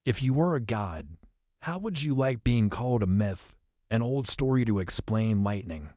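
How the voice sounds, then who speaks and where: A man voicing a wise, calm old male centaur teacher who speaks in a measured way in an audiobook. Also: on the low side, dry recording, studio quality.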